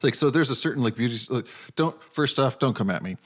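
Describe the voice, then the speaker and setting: A man co-hosting a podcast in casual chat, a rambling, animated storyteller. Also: mid-range voice, fast talker. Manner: rambling, animated storyteller who slips into mock voices. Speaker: podcast co-host.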